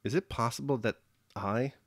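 A man's voice: medium pitch, normal speed, dry recording, natural voice. A man voicing an eager, emotional young noblewoman in an audiobook reading, with breathless, pleading questions.

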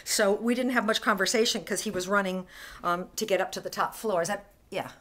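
A woman's voice: medium pitch, a little fast, fairly bright tone. A woman filming a casual home video in her apartment bathroom, exasperated and self-mocking as she talks to the camera. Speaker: vlogger. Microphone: handheld camera.

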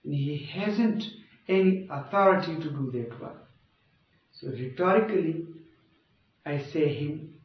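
A man's voice: a little high, a little slow, pauses often. A male teacher giving a grammar lecture, repeating points and checking with "okay?" and "you got it?". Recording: dull, echoey, far from mic.

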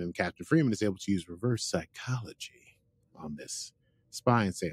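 A man's voice: on the low side, normal speed, no room sound. A man hosting a podcast, retelling a TV episode in a chatty, rambling way with lots of fillers. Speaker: podcast host. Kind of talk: casual episode recap.

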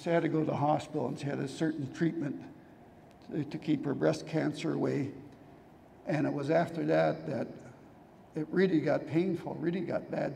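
An older pastor preaches in a hoarse, deeply gravelly voice with a mellow, dark tone. He tells his stories earnestly, a man worn from preaching. The sound carries a long hall reverb over a faint hiss. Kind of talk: sermon.

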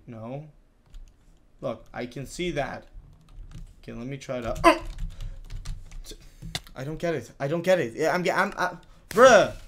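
A man giving live gameplay commentary, talking to himself in frustrated, excitable bursts with many restarts. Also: a little high. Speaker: gaming YouTuber.

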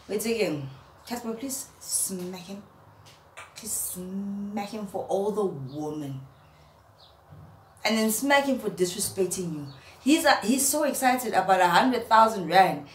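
A young woman, a vlogger, roasting someone in a mocking, animated rant to camera and laughing at her own jokes. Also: fairly high pitch. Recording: roomy echo, faint background hum.

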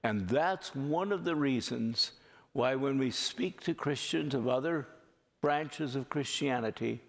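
A man's voice: mid-range voice, measured pace. A man preaching a sermon as pastor, speaking earnestly and drawing out phrases for emphasis. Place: church sanctuary. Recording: long hall reverb.

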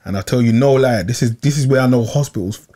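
A young man, telling a long personal story in casual chat, animated and repeating himself, full of slang. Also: medium pitch, fast. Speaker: podcast regular.

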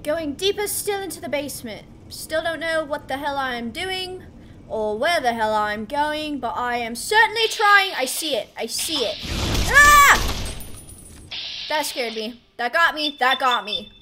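A woman streamer giving casual gameplay commentary, excitable and talking to herself, with yelps as she plays. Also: sits high, normal speed, noisy background. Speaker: gaming streamer.

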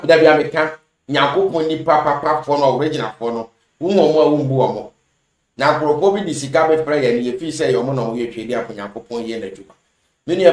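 A man lectures his listeners in a preachy commentary voice. His pitch sits in the middle range. The sound rings off the walls of an echoey room.

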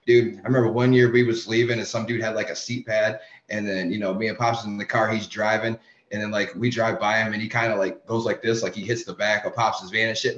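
A man's voice: lowish voice, flat delivery, brisk, a bit bright. A young man co-hosting a podcast, telling stories in a heated, swearing, casual way. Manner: heated storytelling, heavy swearing. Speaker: podcast co-host. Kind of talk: casual chat. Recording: roomy, dull lo-fi sound.

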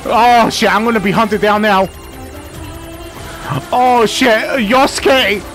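A man's voice: high voice, fairly even intonation, takes it slowly, a bit bright, soft background music. A man commenting on his gameplay in a dramatic, emotional, profane way, often talking to himself. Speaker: let's play gamer.

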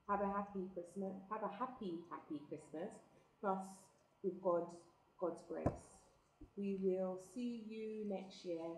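A young woman from England chatting excitedly as she unpacks a parcel in a casual vlog, thinking aloud. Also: mid-range voice. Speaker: vlogger. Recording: echoey room, background noise.

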